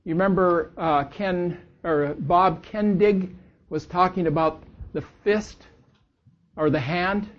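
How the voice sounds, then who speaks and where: A man leading a church group in reading scripture aloud, slow and deliberate, stressing the key words. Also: sits high. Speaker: church class leader. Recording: dull lo-fi recording.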